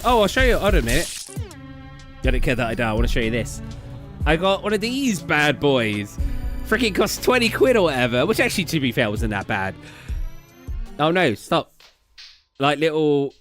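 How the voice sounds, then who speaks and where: A young British man streaming live, telling rambling travel stories in casual chat, full of fillers and quick laughs. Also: fairly high pitch, very animated, fairly bright tone. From Britain. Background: faint game music.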